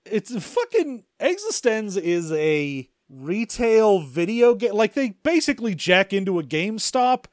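A man's voice: high-pitched, sing-song, a little slow, hardly any pauses, dry recording, studio quality. A man co-hosting a casual comedy chat, wry and joking with profane asides. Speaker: podcast co-host.

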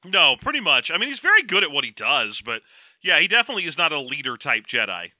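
A man co-hosting a casual chat, recapping a story with jokes and quick character asides. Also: a little high, dry recording. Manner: animated, jokey, acts out characters in quick asides. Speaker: podcast co-host.

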